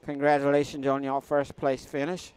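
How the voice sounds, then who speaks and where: A man, casually commentating pool matches on a live stream and giving joking shout-outs to viewers. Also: medium pitch, monotone, moderate pace, smooth.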